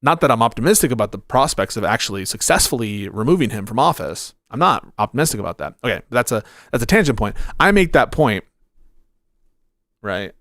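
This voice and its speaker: A man's voice: medium pitch, sing-song, fairly quick, a bit bright, dry recording, clean studio sound. A man streaming political commentary, blunt and profane, rambling as he searches through viewer comments. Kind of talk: livestream commentary reading chat.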